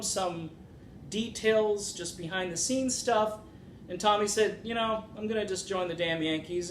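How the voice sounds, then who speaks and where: A man with a fairly high voice hosts a music commentary video. He speaks casually and with strong opinions, and he adds sarcastic asides. The room sounds echoey and a faint rumble runs underneath. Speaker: music commentary channel host.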